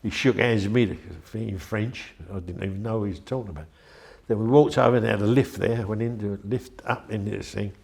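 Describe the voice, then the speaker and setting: An older man rambles chattily through anecdotes in an interview, frequently restarting his sentences. His lowish, slightly mellow voice has vocal fry and moves fairly quickly with hardly any pauses.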